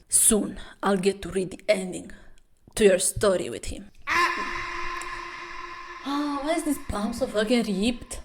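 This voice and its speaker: A woman commenting on a webtoon in a sarcastic, swearing reaction style, acting out the characters' lines. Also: medium pitch. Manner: plays every character in quick put-on voices.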